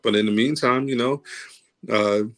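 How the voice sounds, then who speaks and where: A man on a podcast as a guest, talking in a laid-back, earnest way. His voice is mid-pitched and strongly gravelly with vocal fry, and faint music plays underneath. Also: normal speed, a bit bright. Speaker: podcast guest, actor and singer. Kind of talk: casual chat.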